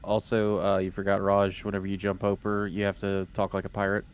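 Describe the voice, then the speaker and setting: A man's voice: fairly low pitch, monotone, fairly quick, clear, resonant tone. A man in a game voice chat making matter-of-fact points to his team. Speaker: raid member.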